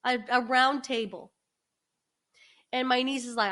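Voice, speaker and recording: Animated woman telling a story. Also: high-pitched. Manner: animated, chatty storyteller, restarts and quick asides. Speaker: podcast co-host. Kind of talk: casual storytelling.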